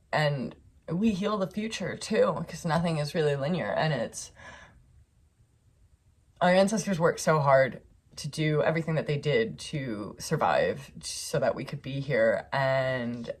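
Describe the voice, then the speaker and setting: A young woman with a low voice gives a spiritual card reading into her phone. She talks earnestly and meanders, with plenty of fillers along the way. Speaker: tarot reader. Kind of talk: channel reading for viewers.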